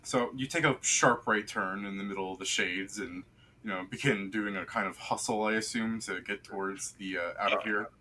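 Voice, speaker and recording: A man's voice: fairly low pitch, steady tone, moderate pace, bright, forceful tone. A man acting as game master in a tabletop game, narrating in a loose, offhand way with fillers.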